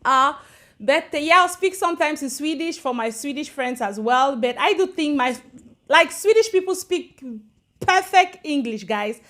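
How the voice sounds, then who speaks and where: A woman's voice: high voice, expressive, moderate pace, a bit bright. A woman from Africa hosting a casual livestream, chatting and greeting viewers by name. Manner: chatty, greets viewers by name, switches between English and Swedish. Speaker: livestream host. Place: home in Sweden.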